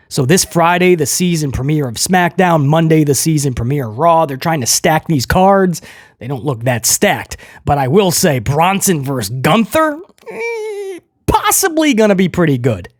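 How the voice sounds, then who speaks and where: A man's voice: on the high side, animated, normal speed, no echo, studio quality. A man giving a casual, opinionated wrestling show review, rambling with jokey asides.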